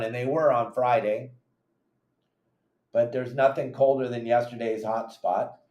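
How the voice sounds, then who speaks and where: A man hosting a fishing podcast as a captain, giving casual, animated advice and acting out his friends' lines. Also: medium pitch, measured pace, echoey room, highs cut off. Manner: animated, acts out friends' voices in quotes.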